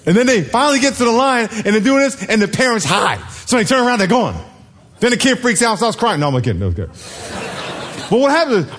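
A man's voice: very high voice, a little fast. A middle-aged man preaching a sermon in a church, calling on the congregation to repeat words back and acting out the people he quotes. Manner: lively, calls for congregation responses, acts out quotes. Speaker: pastor.

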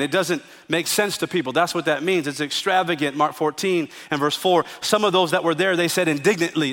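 A man preaching a sermon as pastor, telling stories with humor and moving between hushed reflection and emphatic declarations. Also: a little high. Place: church sanctuary. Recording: church sanctuary with long reverb.

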